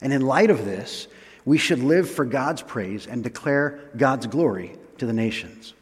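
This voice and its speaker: A man preaching a sermon. He reads scripture slowly, then explains it in a relaxed, chatty way with small laughs. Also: medium pitch, in a large hall.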